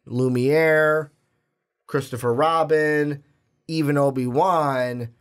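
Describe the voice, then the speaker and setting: This young male podcast co-host has a mid-range voice and keeps a moderate pace while chatting casually about films. His talk wanders, full of fillers and false starts, until he arrives at sharp, pointed questions.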